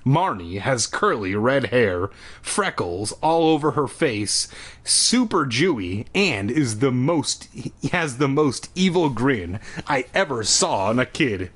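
A man with a husky voice reads a children's book aloud at home for laughs. His pitch swings widely as he reads. He keeps breaking off into crude, sarcastic asides. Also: sing-song, slow pace. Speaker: reader.

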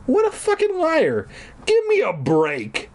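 A man's voice: fairly high pitch, big pitch swings, unhurried, breathy edge, exaggerated voice. Guy playing a wide-eyed eager kid in a spooky kids' book, crying out every line, voice jumping around. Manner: exclaiming, eager. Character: eager young boy narrator, excitable.

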